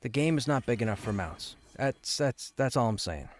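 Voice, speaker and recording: A man's voice: medium pitch, animated, normal speed. Talkative man streaming a game. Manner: talkative, opinionated, restarts his sentences. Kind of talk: casual live-stream chat.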